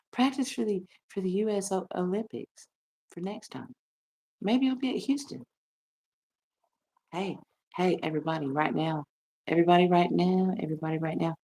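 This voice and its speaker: A middle-aged American woman ranting on her livestream, brash and profane, laughing often and swinging between loud and soft. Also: on the low side, moderate pace, pauses often, slight background noise. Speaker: livestream host. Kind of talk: rambling livestream rant.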